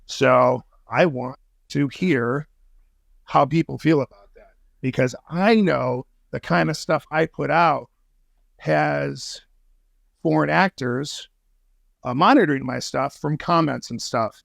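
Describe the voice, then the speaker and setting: A man's voice: on the high side, takes it slowly, gravelly, a bit bright, dry recording, clean studio sound. A man guesting on a podcast, telling a story in casual talk, swearing freely and using street slang.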